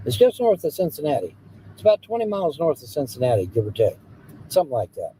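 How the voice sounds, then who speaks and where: A man's voice: fairly high pitch, wildly swooping pitch, fast, dark tone, a little hiss or hum, poor audio. A man from Ohio with an Ohio accent, rambling casually and greeting his livestream chat, repeating himself as he goes. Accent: Southwest Ohio. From Hamilton, Ohio, USA. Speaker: livestream host. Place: outdoors beside idling trucks. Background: faint engine idling.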